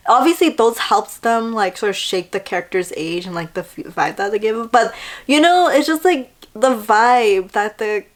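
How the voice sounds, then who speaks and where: A young woman chatting casually in a vlog, reviewing a TV drama in an excitable way, with lots of "like" and little acted-out quotes. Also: on the high side, normal speed.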